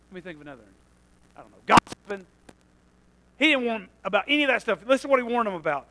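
A man preaching a sermon, moving between quiet asides and loud passages and laughing at his own jokes. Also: sits high, big pitch swings, fast, slight background noise, low-quality recording. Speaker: pastor.

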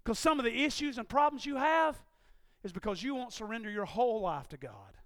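A man preaching a sermon in a folksy way, dropping to quiet asides and rising to shouted, impassioned peaks. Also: expressive, a little fast, no echo, studio quality. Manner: swings from low conversational asides to shouted, impassioned climaxes; folksy, uses ain't and y'all.

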